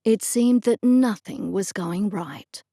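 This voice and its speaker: A woman reading an audiobook as narrator, telling the story in a steady, first-person way. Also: medium pitch, slow pace, gravelly, no room sound, clean studio sound. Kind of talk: scripted narration.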